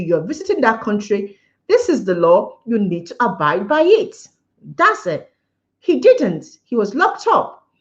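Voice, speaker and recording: A woman's voice: mid-range voice, muffled recording. A woman hosting a casual livestream, giving an emphatic opinion, repeating her points and talking to viewers. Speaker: livestream host. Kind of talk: casual live-stream commentary.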